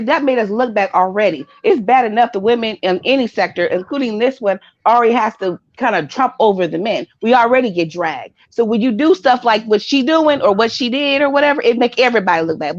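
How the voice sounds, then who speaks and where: A woman co-hosting a casual livestream chat, blunt and animated, acting out her reactions. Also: medium pitch, no room sound. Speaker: co-host. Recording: dry, dull lo-fi stream audio.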